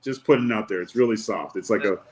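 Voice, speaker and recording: Low-voiced man telling a wry anecdote. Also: fast, darkish tone, low-quality recording. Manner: laid-back, wry storyteller who acts out quotes. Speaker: podcast guest, wrestler and former bodyguard. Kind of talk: storytelling anecdote in casual chat.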